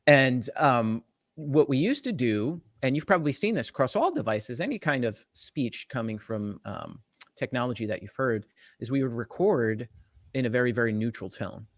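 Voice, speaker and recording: In a casual interview, a middle-aged tech evangelist from the Jersey Shore, US, explains technology with rambling enthusiasm, lots of fillers and restarts. His voice is mid-range, and there's no room sound.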